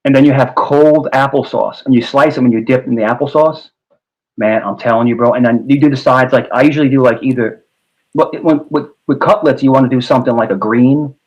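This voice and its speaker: A man's voice: medium pitch, fairly quick, a little mellow, dull audio. Rambling New York man, casual chat. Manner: rambling, repeats words, says bro a lot. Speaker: host.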